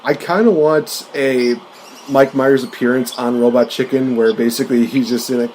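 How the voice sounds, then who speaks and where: A man's voice: mid-range voice, steady tone, moderate pace, darkish tone, slight background noise, poor audio. A man hosting a casual podcast chat, laughing often as he retells comedy scenes and slips into playful quoted voices. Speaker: podcast host.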